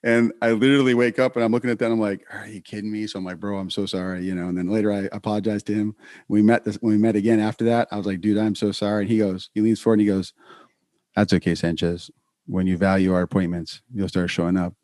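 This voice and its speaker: Podcast co-host, male, lowish voice, dry close sound, chatty storyteller. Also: no room sound. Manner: storytelling, animated, quick restarts. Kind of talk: casual podcast chat.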